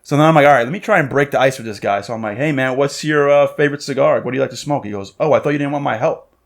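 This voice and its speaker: A podcast host in his thirties tells a story in casual, profanity-laced talk. He acts out each person's lines as he goes, in an animated way. His pitch sits in the middle range for a man. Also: racing. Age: 30s. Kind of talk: casual chat.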